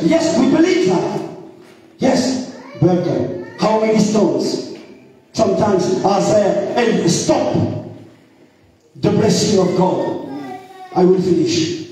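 French-accented pastor preaching in an echoey hall. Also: male voice, sits high, animated, dark tone, distant mic. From France. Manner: halting, repeats words and uses many fillers. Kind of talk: sermon. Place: church hall.

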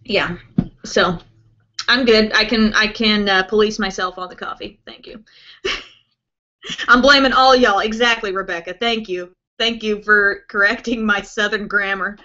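Bright-voiced chatty woman vlogger. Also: medium pitch, steady tone, normal speed, highs cut off. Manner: chatty, rambling, with many fillers like "um" and "like". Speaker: beauty vlogger hosting a live broadcast. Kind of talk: casual chat answering viewer questions.

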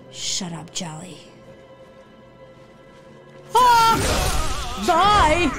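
A woman streamer giving excitable live reaction commentary on a video game, shrieking, gasping and talking to the characters on screen. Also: on the high side, takes it slowly, pauses often, faint music behind. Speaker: gaming streamer.

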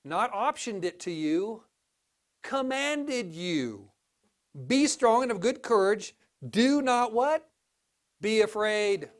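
In a church, a pastor preaches slowly but with animation. He'll spike into an exclamation, then fall to a low aside, and he restarts a lot.

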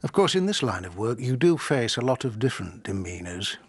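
An actor playing a weary, dry-witted divorce solicitor, who speaks in a measured, formal way and narrates. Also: male voice, medium pitch, sing-song, breathy edge. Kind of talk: radio drama with narration.

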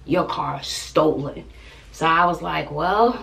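A woman's voice: unhurried, vocal fry. A middle-aged woman telling a personal story to her vlog, casual and slangy, acting out her own reactions. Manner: animated retelling, jumps high to act out her own quotes. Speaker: family vlogger. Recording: voice a bit far from the mic.

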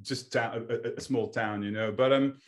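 A man whose first language is French, hosting a relaxed conversation. He backs the other speaker up with frequent yeahs and laughs easily. His pitch is ordinary for a man. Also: moderate pace. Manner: agreeable, laughs often, many yeahs. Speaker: host. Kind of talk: casual interview chat.

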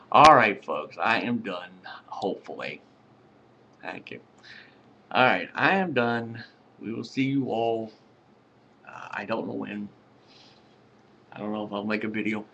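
A man's voice: lowish voice, a bit bright, a little hiss or hum. A tired man rambling in a casual late-night vlog, laughing often and swearing freely. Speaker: vlogger.

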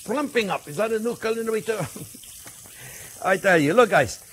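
A man's voice: high-pitched, expressive, moderate pace, fairly bright tone, breathy edge. A male chef hosting a cooking demonstration in a kitchen, talking in a chatty, jokey way and calling the viewers his friends. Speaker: cooking show host, chef. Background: faint sizzling pan.

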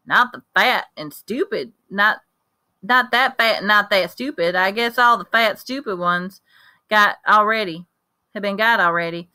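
A woman's voice: medium pitch, measured pace, sharp tone. A woman voicing an eager, chatty country boy of about ten with a drawl. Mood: boastful. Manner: eager, rambling, drawling folksy talk. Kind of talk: audiobook reading.

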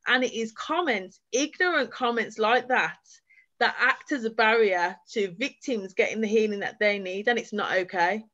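A woman speaking as a forum guest, giving an earnest and heartfelt account of her own experience. Her voice sits at an ordinary middle pitch, and her sentences run on in long, flowing stretches. The recording is a little dull and lo-fi. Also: moderate pace, fairly bright tone. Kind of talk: personal testimony at a forum.

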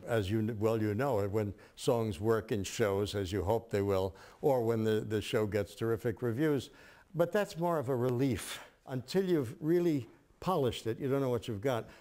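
A man's voice: medium pitch, normal speed, mellow. Older man reminiscing with wry humor. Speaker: interviewee, songwriter. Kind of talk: reminiscing interview answer.

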